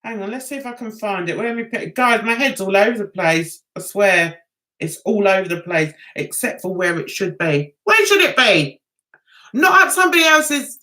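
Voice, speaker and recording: A woman's voice: medium pitch, lively intonation, moderate pace, sharp tone. An older woman, hosting a casual livestream chat and rambling with giggles. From England. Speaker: livestream host.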